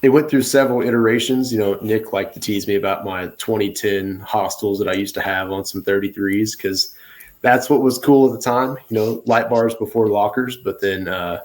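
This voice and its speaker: A man's voice: fairly low pitch, moderate pace, a little mellow. A young man guest casually and enthusiastically explaining his vehicle build from his home garage. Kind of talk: casual chat.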